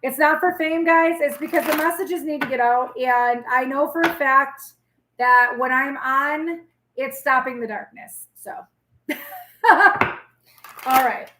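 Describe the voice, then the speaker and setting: A woman's voice: high voice, fairly even intonation, a little slow, roomy sound, background noise. A woman in her forties hosting a casual live tarot reading, chatty, blunt and reassuring as she talks straight to viewers.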